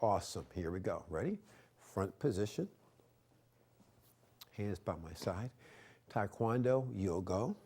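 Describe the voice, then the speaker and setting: A middle-aged man hosting a TV show as a karate instructor, energetic and preachy, repeating his points and shouting martial arts cries. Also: fairly low pitch, a little slow, pauses often, husky. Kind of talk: martial arts lesson with motivational talk. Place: TV studio.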